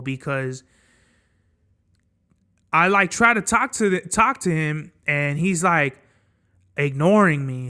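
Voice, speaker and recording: A man's voice: fairly high pitch, animated, takes it slowly, long pauses, pushed and bright. A young man hosting his own podcast, telling a vacation story in a casual, blunt and heavily profane way. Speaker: podcast host.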